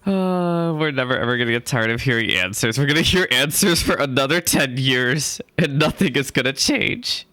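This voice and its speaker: A man's voice: medium pitch, sharp tone, no room sound. A man chatting casually while playing through a game, reading quest lines aloud, laughing and joking as he goes. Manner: chatty, laughs often, swears mildly. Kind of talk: casual let's-play commentary.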